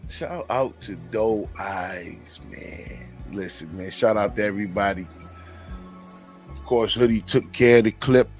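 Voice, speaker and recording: A man hosts a livestream and reads out donations in casual, profane banter. His voice swings from low mutters to sudden laughing shouts. Faint music plays behind him. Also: measured pace. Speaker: livestream host.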